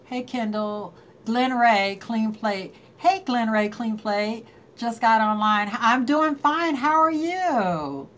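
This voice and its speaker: A woman's voice: fairly high pitch, slow pace, fairly bright tone, slight background noise. A woman hosting a casual live stream, chatting and greeting viewers by name and laughing often. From North Carolina.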